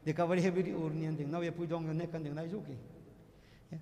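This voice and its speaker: A man with a Trinidadian accent, a pundit giving an animated religious discourse full of stories, addressing his listeners as devotees. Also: a little high, racing. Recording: echoey hall with long reverb.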